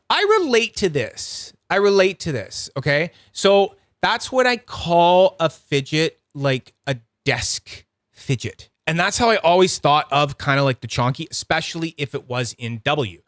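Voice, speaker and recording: A man's voice: on the high side, lively intonation, unhurried, a bit bright, dry recording, studio quality. A man hosting a casual livestream review, rambling and chatty, swearing freely and greeting viewers by name. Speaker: host of a livestream review channel.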